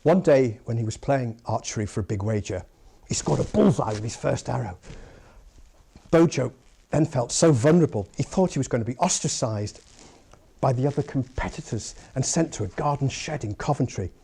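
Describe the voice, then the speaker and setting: A man giving an after-dinner comedy speech at a speakers' club, with a measured, pun-laden delivery. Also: medium pitch, expressive, gravelly, mellow, a little hiss or hum.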